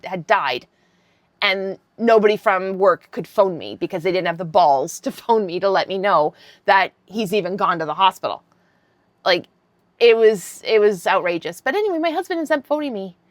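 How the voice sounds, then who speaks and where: A woman's voice: mid-range voice, no echo. A woman in her fifties telling a story in a casual vlog, blunt and given to swearing. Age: 50s. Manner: blunt and swearing, animated retelling. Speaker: vlogger.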